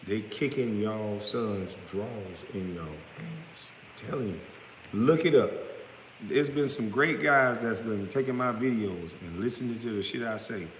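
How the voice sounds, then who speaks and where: A man delivering a blunt, profane, confrontational rant straight to camera, now and then breaking into loud outbursts. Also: lowish voice, unhurried. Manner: smoking hookah while talking. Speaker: vlogger responding to critics. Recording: roomy echo with long reverb, faint background noise.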